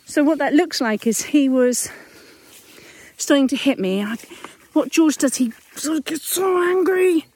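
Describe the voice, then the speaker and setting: A woman's voice: sits high, expressive, a little slow, darkish tone. A mother hosting a parenting podcast, talking candidly and chattily while walking up a hill outdoors at dusk. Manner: candid, chatty, self-correcting. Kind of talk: casual reflective monologue.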